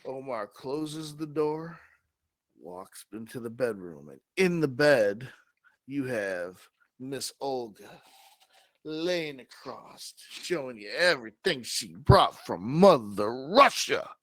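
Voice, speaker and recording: Slow, animated man telling a comic tale. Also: mid-range voice, no room sound. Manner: slow, drawn-out delivery with dramatic pauses. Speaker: co-host. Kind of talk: improvised comic storytelling.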